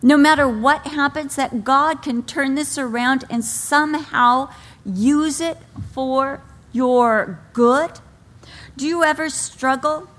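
A woman with a high voice preaches a sermon to an audience of women, telling stories in an animated way and acting out the voices she quotes. She is both a pastor's wife and a pastor's daughter.

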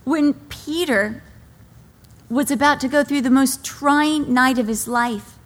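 A woman's voice: high voice, takes it slowly. A middle-aged woman, a pastor's wife, preaching a sermon and telling stories with acted-out quotes. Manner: animated storytelling, acts out quoted voices. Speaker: pastor's wife and daughter, speaker. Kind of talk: sermon to a women's audience.

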